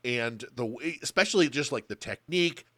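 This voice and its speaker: A man's voice: medium pitch, animated, a little fast, a bit bright, no room sound. A man co-hosting a podcast, talking casually and bluntly about an old film and swearing freely. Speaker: podcast co-host.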